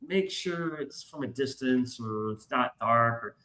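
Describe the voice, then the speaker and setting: Bright and forceful, this man's mid-range voice is animated yet keeps a measured pace. He's a podcast host telling a casual, profane story and acting out the quoted voices, and the room gives off a noticeable echo.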